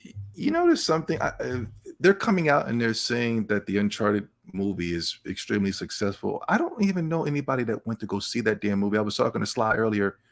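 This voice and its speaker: A man's voice: fairly low pitch, sing-song, quick pace, vocal fry. Sarcastic ranting male podcast host. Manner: laughs between remarks. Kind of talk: casual gaming news commentary.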